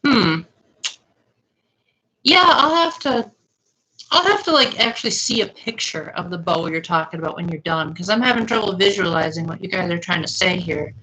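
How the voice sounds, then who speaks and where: A woman's voice: lowish voice, moderate pace, pushed and bright, low-quality recording. A young woman streaming live, chatting casually and answering her viewers' comments.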